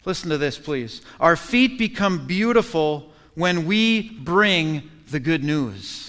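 A man's voice: a little high, expressive, takes it slowly, fairly bright tone. A man preaching a sermon as pastor, earnest and emphatic, repeating phrases for effect. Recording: echoey hall.

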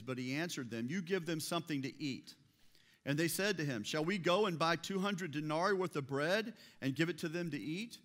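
A pastor gives a sermon conversationally, frequently putting rhetorical questions to his listeners. He has a medium-pitched voice with a fairly bright tone.

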